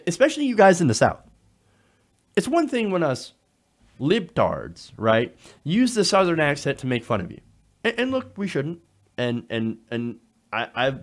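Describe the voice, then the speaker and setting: A man hosting a political commentary show, talking in an animated way with frequent fillers and restarts. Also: a little high.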